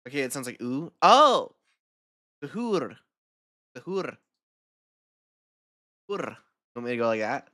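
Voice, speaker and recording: Streamer woman, bright and animated, giggly and foul-mouthed, dry mic. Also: very deep voice, a little slow, pauses often, no room sound. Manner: swearing, giggly, repeats words over and over. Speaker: streamer reacting to videos. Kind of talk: casual reaction stream chat.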